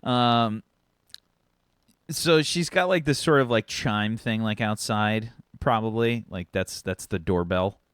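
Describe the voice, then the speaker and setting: A woman's voice: rumbling low, slow, clear, resonant tone, no echo, studio quality. A woman narrating a tabletop game as game master, chatty with many fillers.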